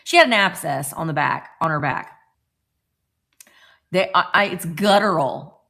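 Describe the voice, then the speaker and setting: A woman's voice: low-pitched, lively intonation, measured pace, creaky, pushed and bright. A middle-aged woman casually chatting on a morning live stream from home, greeting viewers by name as she talks. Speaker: vlogger hosting a live stream.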